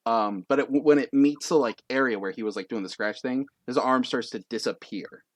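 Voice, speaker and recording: A man's voice: medium pitch, moderate pace, dry recording, clean studio sound. A man narrating a tabletop game as game master in a casual, rambling way.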